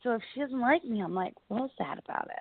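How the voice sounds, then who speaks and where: A woman's voice: a little high, a little fast, vocal fry, slightly rough, dry recording. A woman comedian from Delaware County, Pennsylvania, telling stories in a casual radio interview and acting out other people's voices as she talks. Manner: animated, acts out quoted voices, frequent "like". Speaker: comedian guest. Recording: dry, phone-like narrow sound.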